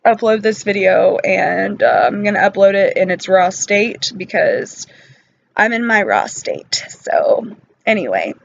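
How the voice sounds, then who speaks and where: A woman talking in an unscripted personal vlog, weary and emotional from pain, halting and apologetic with many pauses and fillers. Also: medium pitch, expressive, vocal fry, muffled recording, slight background noise. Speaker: vlogger.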